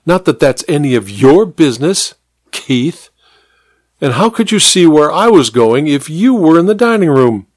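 A man voicing a defensive, sharp-tongued young housemaid in a dry storybook reading. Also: on the high side, sing-song, normal speed, dry recording, voice pushed up.

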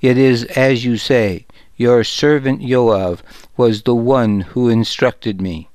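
A man voicing a grieving widow who pleads before a king, in a slow audiobook reading. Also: mid-range voice, fairly even intonation, a little mellow, dry recording, lightly acted. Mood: fearful. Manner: pleading, deferential. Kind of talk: audiobook narration.

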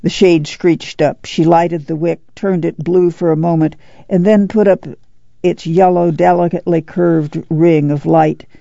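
A woman reading a novel aloud as audiobook narrator, steady and unhurried. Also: lowish voice, gravelly, no echo, muffled recording.

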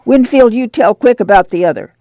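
A woman's voice: a little high, animated, a little fast, mellow, no room sound, pitched above the performer's own voice, lightly acted. A woman reader voicing a worried, firm farm mother with a rural drawl. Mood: anxious.

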